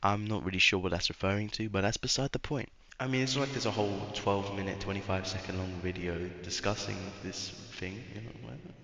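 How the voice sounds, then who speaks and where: A man's voice: low voice, fairly even intonation, brisk, hardly any pauses, sharp tone, dry recording. A man doing a casual, rambling voice-over commentary on a video game, sarcastic and trailing off into mumbles at times.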